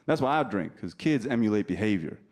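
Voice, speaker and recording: A New Jersey comedian does stand-up, telling stories and teasing the crowd deadpan in a lowish, fairly quick voice. It's a live club recording with audience noise and laughter in the background.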